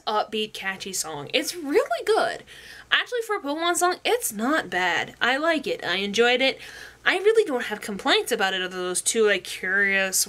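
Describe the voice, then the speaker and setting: A young woman chatting casually as a reviewer, giggly and animated. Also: high voice. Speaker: music reviewer.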